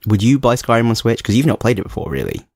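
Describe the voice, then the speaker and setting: A man with a London accent co-hosting a podcast in casual chat, animated and quick to laugh. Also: mid-range voice, vocal fry, no room sound, studio quality. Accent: London English. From London, England. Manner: animated, laughs often, acts out voices. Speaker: podcast co-host.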